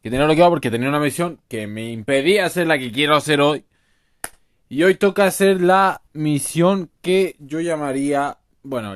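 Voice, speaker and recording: Brief: man, relaxed let's-play talk with crude jokes. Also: fairly high pitch, dry recording. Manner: casual, swears freely. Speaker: game streamer. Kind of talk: casual let's play commentary.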